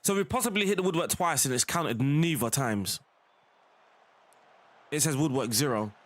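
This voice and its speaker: A young man talks through a football management game in a loose, chatty way, laughing easily and dropping "bro" and "innit". His pitch sits a little high and swings around a lot. The sound is close and dry, with almost no room around it. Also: animated, moderate pace, no echo. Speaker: gaming streamer. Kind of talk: casual game commentary.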